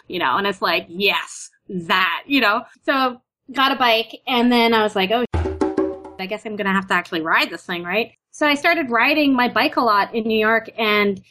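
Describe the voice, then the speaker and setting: A Canadian woman chatting casually, full of "like" and "you know", acting out her own stories. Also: medium pitch. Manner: chatty, lots of "like" and "you know", animated retellings. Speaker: guest. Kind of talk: casual chat.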